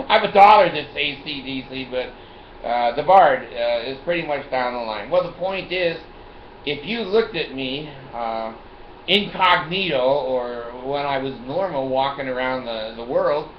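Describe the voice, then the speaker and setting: A man's voice: medium pitch, echoey room, highs cut off, slight background noise. An older man hosting his own show, telling a rambling, bawdy, boastful story and laughing often. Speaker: show host.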